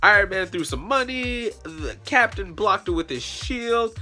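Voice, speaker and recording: A young man vlogger telling a comic story in a slangy, profane, animated way. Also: high-pitched, a little slow, faint music behind.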